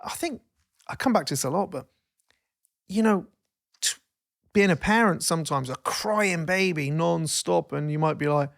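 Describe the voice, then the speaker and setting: Gravelly, chatty podcast host. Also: male voice, a little high, normal speed, long pauses. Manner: rambling, self-interrupting, animated when telling stories, swears. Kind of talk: casual chat.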